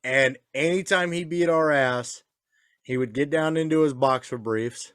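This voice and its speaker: A man's voice: mid-range voice, unhurried, a bit bright, clear, resonant tone, dry recording, clean studio sound. A man in casual chat, a father telling crude stories with swearing and laughs. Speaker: podcast co-host, father.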